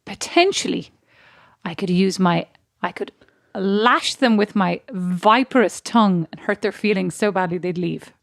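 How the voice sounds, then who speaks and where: A woman's voice: mid-range voice, a little slow, gravelly, dry recording, studio quality. A woman with an Irish accent co-hosting a podcast in casual chat. She is self-mocking and laughs a lot. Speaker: podcast co-host.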